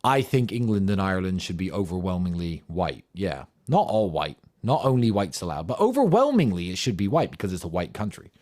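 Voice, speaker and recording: A man's voice: low-pitched, sing-song, fairly quick, few pauses, a little mellow. A man giving an impassioned, combative monologue in answer to audience questions, firing off rhetorical questions and swearing for emphasis.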